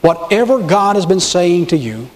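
High, lively preaching pastor in a hall. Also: male voice, moderate pace. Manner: emphatic preaching, rising on key words. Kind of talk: sermon. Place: church sanctuary with balcony and choir.

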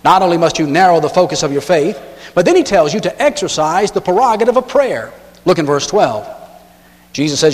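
High-pitched guy preaching a sermon, long echoey church hall, acts out bits of his stories. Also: very animated, a little fast. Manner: storytelling, acts out lines with sudden loud shifts.

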